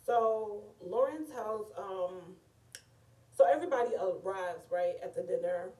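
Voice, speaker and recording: A woman's voice: mid-range voice, measured pace, recorded from a distance. A woman casually recapping a reality TV episode in a chatty, gossipy way. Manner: chatty, animated, often says "girl" and "like". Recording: echoey room, voice away from mic.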